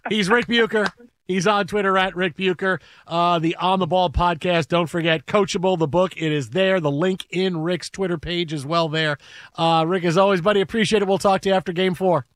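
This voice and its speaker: A man hosting a sports radio show, with easygoing, quick banter. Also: high-pitched, steady tone, fairly bright tone, no room sound. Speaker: radio host.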